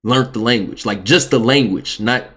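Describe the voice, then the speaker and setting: A man's voice: mid-range voice, moderate pace, a bit bright. A man in casual podcast chat, rambling and searching for his words as he asks questions. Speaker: podcast host.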